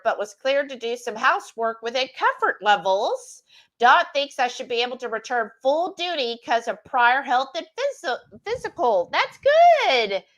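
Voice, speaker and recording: High-voiced woman reading comments. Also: fairly bright tone. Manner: chatty, reads comments aloud, laughs often. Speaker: cooking stream co-host reading viewer comments. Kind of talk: casual chat while cooking.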